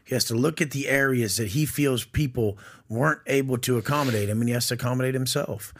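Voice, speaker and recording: A man's voice: medium pitch, fast, slight background noise. A man talking as a podcast guest, blunt and aggressive, swearing constantly and acting out conversations he has had. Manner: aggressive, swearing, acts out quoted exchanges. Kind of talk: blunt, profane casual talk.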